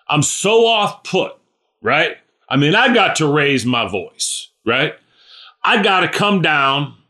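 Slow, bright-voiced middle-aged male preacher. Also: on the high side. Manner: conversational, repeats "right?" and "you know". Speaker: pastor. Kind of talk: sermon.

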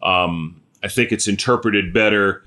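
A man's voice: fairly low pitch, sharp tone. A man preaching a sermon in a conversational way, often checking in with "right?" and "okay?" and sometimes restarting his sentences. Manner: halting, with restarts and fillers. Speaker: pastor.

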